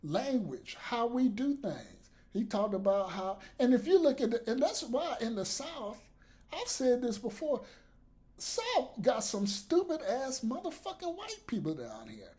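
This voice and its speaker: Male vlogger for an unfiltered rant: mellow tone, swooping lively delivery, blunt and profane. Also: very high-pitched, a little slow. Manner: blunt, profane, laughs between points. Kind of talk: profane ranting commentary to camera.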